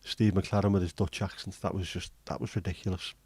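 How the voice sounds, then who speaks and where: A man's voice: sits low, level tone, brisk, darkish tone, husky, no echo. A man hosting a livestream, chatting casually, joking and swearing as he reads viewer comments. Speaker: livestream host.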